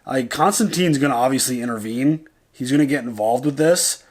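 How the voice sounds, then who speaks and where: A man's voice: medium pitch, brisk. Laid-back man musing through a chat. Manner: loose and profane, heavy on "like" and "dude"; thinks aloud, restarting sentences. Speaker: reaction video co-host. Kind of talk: casual reaction chat.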